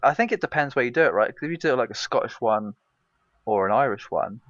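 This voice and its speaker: A man's voice: medium pitch, expressive, fast talker, fairly bright tone, no room sound. A man co-hosting a gaming podcast, talking in a laid-back, rambling way. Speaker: podcast co-host. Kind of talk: casual chat. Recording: dry, dull lo-fi mic.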